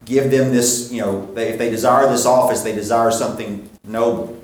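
A man preaching a sermon, asking questions and answering them himself, slowing down to stress key points. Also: mid-range voice, fairly even intonation. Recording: very echoey hall.

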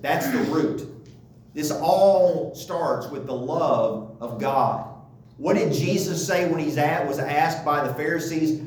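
A man's voice: fairly high pitch, expressive, unhurried, a little hiss or hum. A man teaching a Bible study lesson, asking rhetorical questions and checking in with his listeners as he goes. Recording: echoey room, voice from far off.

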